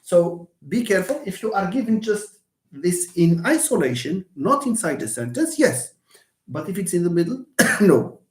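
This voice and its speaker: A man's voice: sits high, big pitch swings, normal speed. A man teaching English in a live online lesson. He explains patiently, repeats examples and answers students by name. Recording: echoey room.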